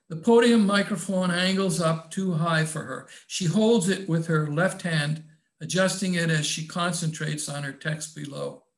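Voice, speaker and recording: Slow gravelly older man reading his novel. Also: on the high side. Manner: reflective, measured reading. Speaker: author. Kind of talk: reading aloud from his own novel with commentary.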